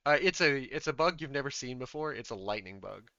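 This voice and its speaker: A man in the game master's chair, narrating a tabletop game in a casual, chatty, upbeat way. His voice is smooth and clear, sitting at a middle pitch. The recording is dry and a little muffled. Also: animated, brisk, bright, forceful tone, no room sound.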